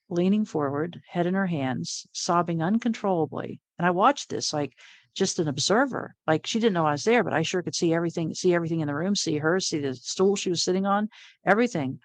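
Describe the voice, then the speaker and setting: A middle-aged woman, an interview guest, telling a personal story in a lively way, often laughing and acting out what people said. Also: on the low side. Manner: animated, laughs often, acts out quoted lines.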